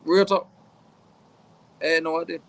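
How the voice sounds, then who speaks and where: A man's voice: fairly high pitch, normal speed. A man in his forties co-hosting a casual wrestling talk show, telling stories emphatically with slang and repetition. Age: 40s. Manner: animated storyteller, emphatic slang, repeats himself. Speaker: podcast co-host.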